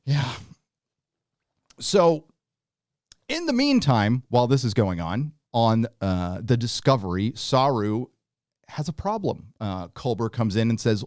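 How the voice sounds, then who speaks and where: A man's voice: lowish voice, sing-song, normal speed, a little mellow, dry recording, clean studio sound. Sarcastic man hosting a live review. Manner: sarcastic, mocking, with frequent laughs and fillers. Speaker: host of a review show. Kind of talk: live casual review commentary.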